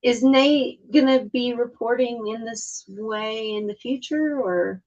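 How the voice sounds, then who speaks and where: A woman's voice: on the high side, slow pace, a little mellow, muffled recording. A woman on a board meeting video call, speaking frankly but hesitantly, with many fillers. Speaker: housing board member. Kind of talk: meeting discussion.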